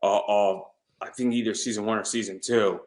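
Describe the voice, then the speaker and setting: Stammering male interview host, lowish voice. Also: fairly even intonation, fairly quick, darkish tone. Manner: stammering repeats, run-on enthusiastic. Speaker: podcast host. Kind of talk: casual interview chat.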